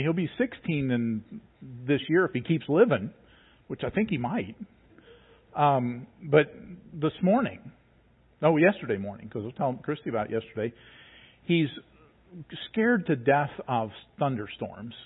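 A man's voice: mid-range voice, breathy edge. Preacher guy telling stories in his sermon, folksy and jokey, sounds like it's coming through a phone. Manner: folksy, joking, conversational storytelling. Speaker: pastor. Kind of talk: sermon with personal story. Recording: phone-like narrow band.

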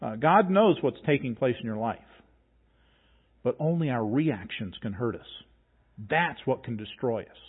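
A man's voice: mid-range voice, expressive, a little slow, long pauses, slightly rough. A man preaching a sermon to his congregation in a conversational, emphatic way, reading scripture aloud and pressing his points home. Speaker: pastor. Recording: tinny phone-like sound.

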